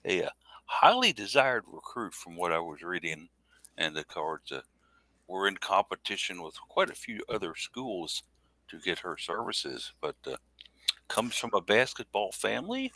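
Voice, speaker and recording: Lively man chatting about sports. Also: low voice, normal speed, no room sound, poor audio. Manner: lively, reads out player background. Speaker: podcast co-host. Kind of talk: casual sports chat.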